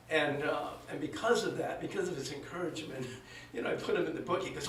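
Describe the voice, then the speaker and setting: A man's voice: fairly high pitch, fast, fairly bright tone, slight background noise. Rambling man telling stories in an echoey hall. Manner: rambling, anecdotal, self-deprecating. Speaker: eulogy speaker. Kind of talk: storytelling tribute at a memorial service. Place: hall at a memorial service. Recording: echoey room, voice from a distance.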